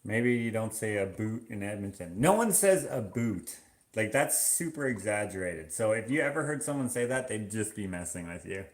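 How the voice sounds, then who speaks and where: Man, from Canada, casual vlog chat, rambling, halting, lowish voice. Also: expressive, reverberant. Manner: rambling, halting, with many fillers and restarts. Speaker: vlogger.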